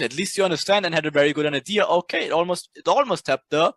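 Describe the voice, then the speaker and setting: A man's voice: on the high side, fast, fairly bright tone, no room sound. Blunt, profane male trading instructor. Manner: blunt, profane, keeps asking "right?". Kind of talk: casual recorded lecture.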